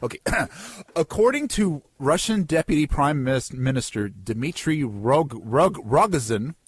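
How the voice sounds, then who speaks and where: A man's voice: on the high side, expressive, measured pace, slightly rough, no echo. A man co-hosting a casual comedy podcast, joking and laughing at his own bits. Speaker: podcast co-host.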